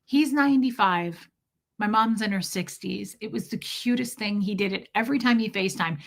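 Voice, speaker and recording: A woman's voice: mid-range voice, moderate pace, gravelly. A young woman hosting a livestream, casually telling a personal story and breaking off to answer chat comments. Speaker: livestream host.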